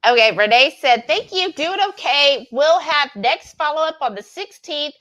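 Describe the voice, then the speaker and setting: High-voiced woman reading comments. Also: animated, moderate pace, fairly bright tone, dull audio. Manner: chatty, reads comments aloud, laughs often. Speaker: cooking stream co-host reading viewer comments. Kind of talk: casual chat while cooking.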